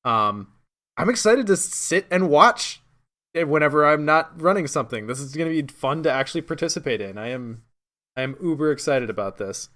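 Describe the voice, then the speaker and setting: A man's voice: fairly high pitch, animated, fairly quick, sharp tone. A man co-hosting a podcast, speaking in an earnest, enthusiastic way about an event he helped run. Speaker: podcast co-host. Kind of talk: casual chat.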